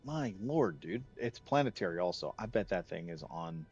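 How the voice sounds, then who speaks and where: A man's voice: deep voice, expressive, moderate pace, darkish tone, husky, dull audio, soft background music. A man from the United States giving rambling, chatty commentary while streaming a game, laughing easily. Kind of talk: casual gameplay commentary.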